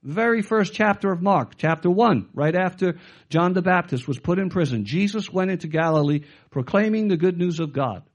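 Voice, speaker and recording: A man's voice: sits high, animated, normal speed, highs cut off. A middle-aged male pastor preaching a sermon with emphasis, quoting scripture and putting questions to his listeners.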